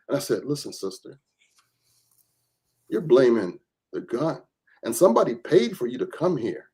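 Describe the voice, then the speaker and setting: A man's voice: mid-range voice, normal speed, breathy edge. A man, a reverend and gun rights advocate, telling stories as a podcast guest and acting out the people he quotes. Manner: animated storyteller who acts out quoted voices. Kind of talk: storytelling in a podcast interview.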